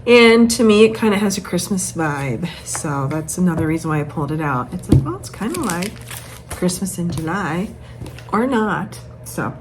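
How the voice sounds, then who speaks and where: A woman with a fairly low, lively voice speaks at a normal pace in a casual home vlog. She's a cross-stitch vlogger chatting about her stitching projects in a rambling, self-deprecating way. Faint background noise can be heard.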